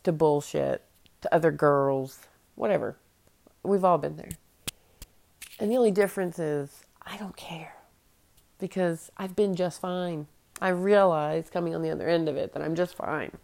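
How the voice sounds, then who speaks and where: A woman's voice: deep voice, fairly even intonation, unhurried, gravelly, darkish tone. A woman in her late thirties hosting a solo podcast, talking bluntly and with profanity as she vents her frustration. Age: late 30s. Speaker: podcast host.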